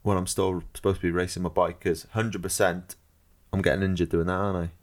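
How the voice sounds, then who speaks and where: A Welsh-accented man co-hosts a podcast in a low voice. He jokes around and laughs often in easy, casual chat. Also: flat delivery, brisk. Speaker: podcast co-host.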